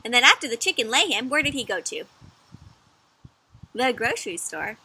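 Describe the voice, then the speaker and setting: A woman reading a picture book aloud to children in a teacherly way, pausing often to ask them questions. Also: a little high, sing-song, bright, forceful tone, husky. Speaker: children's story reader. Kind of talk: interactive read-aloud for kids.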